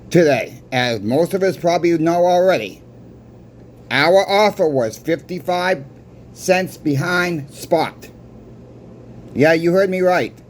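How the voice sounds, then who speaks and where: A man's voice: fairly high pitch, slight background noise. A man who runs a coin shop, telling a story casually to camera and often stammering and restarting his words. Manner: stammers and restarts words while recounting a conversation.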